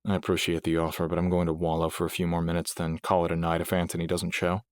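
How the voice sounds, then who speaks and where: A man's voice: low-pitched, quick pace, dry recording, natural voice. Man doing a weary, subdued young man. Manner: subdued, flat replies. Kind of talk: audiobook character voice.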